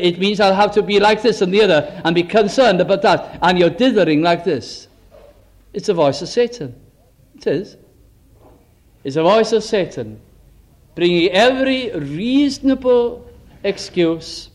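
A man preaching an evangelistic sermon, emphatic, full of rhetorical questions, his voice swooping between high and low.

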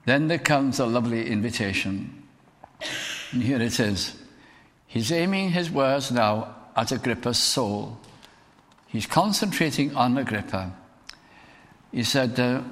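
A man's voice: medium pitch, lively intonation, a little slow, pauses often. Earnest male preacher in a reverberant hall. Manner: earnest, rising to emphatic declamation. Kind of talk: sermon.

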